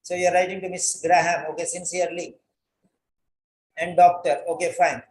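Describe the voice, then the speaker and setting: A man's voice: sits high, little pitch movement, normal speed, darkish tone, roomy sound, poor audio. A man tutoring a student on a written letter, correcting it line by line, repeating phrases and spelling words out. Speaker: writing tutor.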